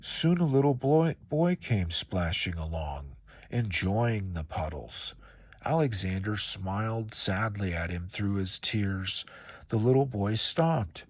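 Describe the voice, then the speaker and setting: A man reading a children's picture book aloud in a calm, measured storytelling voice. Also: fairly low pitch, husky, dry recording.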